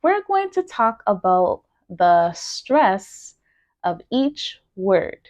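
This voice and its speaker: An American woman teaching English pronunciation, carefully enunciating example words in a clear instructional lesson. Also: mid-range voice, darkish tone, dry recording. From United States. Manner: deliberate, carefully enunciated word drills.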